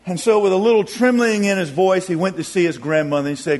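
Folksy preacher telling a story. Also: male voice, high voice, fast talker, hardly any pauses. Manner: folksy and expressive. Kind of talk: sermon storytelling.

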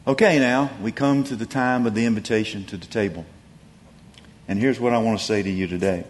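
Preacher with a long hall echo. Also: male voice, steady tone, fairly quick. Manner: storytelling, rising to emphatic peaks then dropping soft and low. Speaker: pastor. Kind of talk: sermon.

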